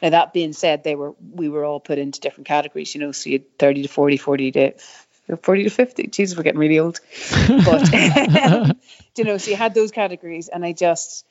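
A woman's voice: low voice, fast, a little mellow. A middle-aged woman telling stories from her racing career in a casual interview, rambling with lots of fillers and restarts. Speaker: guest, former downhill mountain bike racer. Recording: slightly dull, muffled recording.

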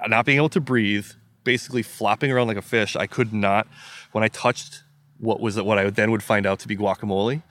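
A man's voice: lowish voice, steady tone, brisk, fairly bright tone. A man from the US Midwest, a podcast guest, telling a story in vivid, emphatic detail and acting out his own thoughts. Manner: vivid, emphatic retelling with acted-out inner quotes.

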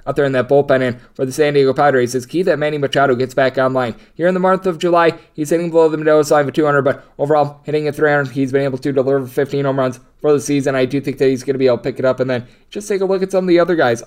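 A man's voice: mid-range voice, a little mellow. A man giving a sports betting preview, rattling off statistics, odds and picks in long strings of numbers. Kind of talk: rapid stat-heavy betting preview.

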